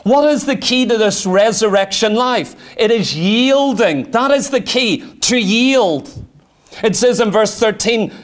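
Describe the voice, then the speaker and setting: A man's voice: sits high, lively intonation, measured pace. A middle-aged man preaching a sermon, fervent, full of rhetorical questions and arguing aloud with himself.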